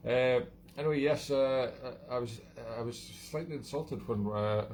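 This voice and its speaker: A man's voice: medium pitch, normal speed, darkish tone, slight background noise. A Scottish man hosting his own live stream, chatting in a rambling, self-mocking way and often chuckling at himself. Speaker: live-stream show host. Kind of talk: casual live-stream chat.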